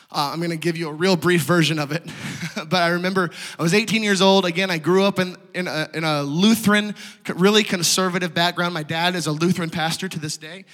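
A man in his thirties from South Dakota, preaching a sermon and telling his testimony in an animated way with frequent laughter. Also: fairly high pitch, a little fast, in a large hall. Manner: animated storytelling, laughs often.

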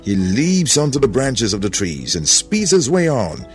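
A man narrating a storybook reading in an animated way, voicing many characters. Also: medium pitch, a little slow, soft background music.

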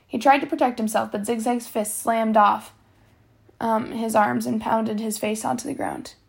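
A woman's voice: on the high side, normal speed, vocal fry. Woman reading a novel aloud, with slips. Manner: steady reading, with slips and self-corrections. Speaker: reader.

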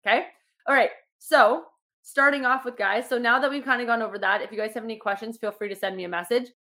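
A woman's voice: fairly high pitch, fairly even intonation, fast talker, bright, forceful tone. A young woman coaching her fitness clients in casual podcast talk, upbeat and encouraging, with many fillers. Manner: chatty, says "like" a lot.

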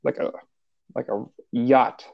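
A man's voice: mid-range voice, fairly even intonation, takes it slowly, creaky, lo-fi sound. A man co-hosting a casual podcast, rambling along with lots of "like.". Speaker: podcast co-host.

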